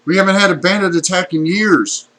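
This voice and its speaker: A man voicing a grateful village woman with a spear, in a high put-on voice. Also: a little fast, fairly bright tone. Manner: high, earnest falsetto.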